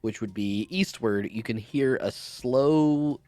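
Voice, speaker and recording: A man running a tabletop game as game master, narrating in a relaxed way with many fillers. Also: medium pitch, takes it slowly, no room sound. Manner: relaxed, with fillers and short acknowledgements.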